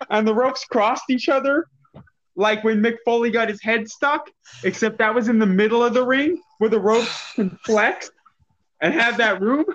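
A man's voice: very high-pitched, a bit bright. Laughing storyteller man, lo-fi sound. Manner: laughs often while telling stories. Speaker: podcast co-host. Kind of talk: casual storytelling chat.

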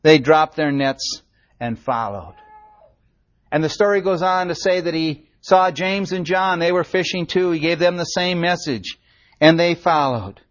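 A man's voice: a little high, a little slow. Impassioned preacher man, lo-fi. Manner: earnest, impassioned preaching with sudden drops to a hushed voice. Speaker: pastor. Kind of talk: sermon. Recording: dull lo-fi sermon recording.

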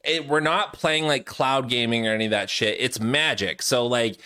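A male podcast host keeps a casual chat going, teasing his co-host and laughing. His voice is mid-pitched and bright. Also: moderate pace, smooth. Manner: laughing, teasing, sets up games.

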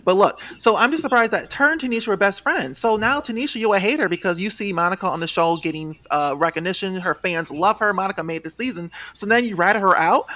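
A young man hosting a podcast, chatting about reality TV gossip in an animated, sassy way with sudden shrill outbursts. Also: quick pace, few pauses. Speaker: podcast host. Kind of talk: casual gossip chat.

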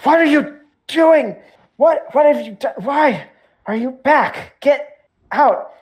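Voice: mid-range voice, fairly even intonation, quick pace, warm tone, close to an everyday voice. A game master voicing an agitated, grieving male village priest who stammers out defensive accusations. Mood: frantic.

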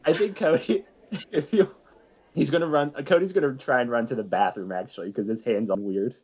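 A man's voice: medium pitch, fairly quick, darkish tone, slightly rough. A man playing a tabletop role-playing game, describing his character with laughs and hesitations. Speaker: player. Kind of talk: casual tabletop game play.

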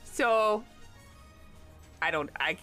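A woman's voice: medium pitch, animated, drawn-out words, loud music behind the voice. A woman voicing a chatty, folksy young woman adventurer who drawls greetings and rambles.

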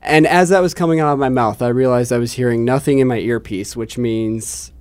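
A man's voice: medium pitch, fairly quick, darkish tone, clear, resonant tone. A man, a TV news reporter, chatting casually and telling a self-deprecating story with many restarts. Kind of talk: casual chat, telling an anecdote.

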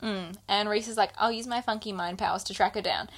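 A woman's voice: mid-range voice, a little fast. A woman chatting casually with a friend, retelling a book's scenes and acting out the characters' lines. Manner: animated, acts out characters' lines. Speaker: book podcast co-host. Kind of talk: casual chat retelling a book.

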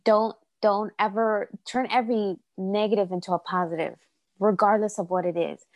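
This woman's mid-range voice moves at a moderate pace with fairly even intonation, captured in a dry recording. She is from Colombia, an adult with four children, and she appears as a podcast guest, talking from the heart and repeating phrases to stress them.

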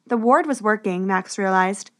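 A woman narrating a storybook adventure in a steady, expressive way. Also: medium pitch, normal speed.

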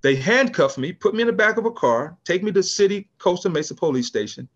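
A Californian business founder in his sixties, appearing as a podcast guest, tells an animated story in a relaxed interview, voicing the people in it and restarting often. His voice is high and slightly fast, and the audio is dull.

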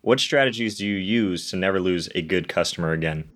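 Man, podcast host, low voice, interview questions, affirming. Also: fairly quick, a bit bright.

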